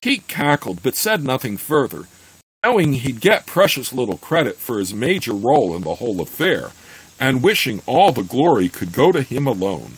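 A man reading a fantasy novel aloud in a steady voice, then talking it over with many fillers and restarts. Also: medium pitch, normal speed, husky, no echo, rough recording. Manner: plain steady reading of the narration. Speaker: podcast host reading a novel aloud and discussing it.

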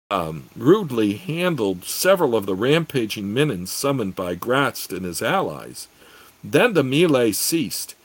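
A man's voice: medium pitch, fairly bright tone, husky, dry recording, rough recording. A man narrating a fantasy audiobook expressively, with occasional self-corrections.

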